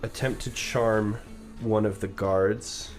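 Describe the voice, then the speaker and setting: A man playing a tabletop game, hesitant and thinking out loud as he plans his moves. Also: fairly low pitch, steady tone, slow pace. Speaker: player. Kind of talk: casual tabletop game play. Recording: faint background music.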